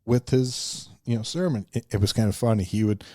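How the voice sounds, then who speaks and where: With a fairly low pitch and a brisk delivery, this northern U.S. man co-hosts a podcast and trades stories in a casual chat. He's an animated storyteller who acts out the voices he quotes, recorded dry with no room sound.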